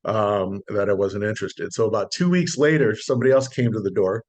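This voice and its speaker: A middle-aged man, a solar sales consultant, telling a relaxed story in a podcast interview and acting out the dialogue. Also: lowish voice, fairly quick. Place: Las Vegas.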